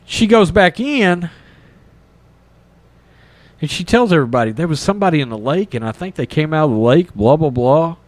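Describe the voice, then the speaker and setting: A man's voice: a little high, moderate pace, pauses often, no echo. A man, hosting a podcast and casually retelling a movie plot, rambling and swearing freely. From East Texas. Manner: rambling, animated, swears freely, acts out character lines. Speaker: podcast host reviewing a film.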